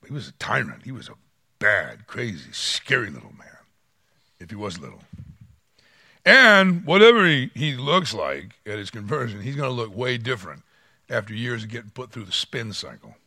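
A man delivers a sermon with a bright, lively voice that leaps up and drops low as he acts out quotes. The sound is close and dry, with no room around it. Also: normal speed, no echo. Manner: animated, dramatic voice swings, acts out quotes. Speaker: pastor.

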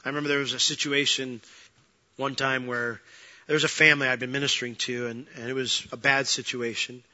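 Bright-voiced preaching man, dull lo-fi sound. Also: medium pitch, brisk. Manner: animated preaching, building to loud passionate peaks. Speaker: pastor. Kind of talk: sermon with personal story.

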